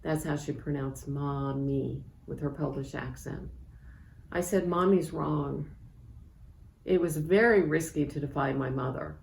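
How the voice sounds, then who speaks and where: A woman in her sixties, an author reading aloud from her memoir in a measured, reflective way. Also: very deep voice, steady tone, gravelly, darkish tone. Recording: echoey room with faint background noise.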